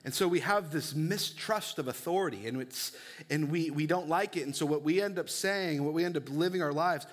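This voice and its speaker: A man's voice: on the high side, brisk. A young man preaching a sermon as pastor, earnest and conversational, with casual fillers between points.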